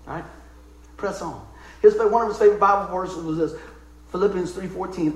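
Middle-aged male preacher, folksy and heartfelt, high-pitched voice, roomy church echo. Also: darkish tone. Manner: folksy, emotional storytelling with asides. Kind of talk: sermon. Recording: echoey room.

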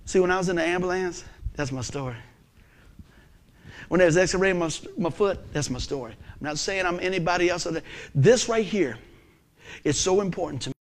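High-voiced preacher man. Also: normal speed, pauses often. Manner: emphatic, animated preaching with folksy asides. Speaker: pastor. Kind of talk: sermon.

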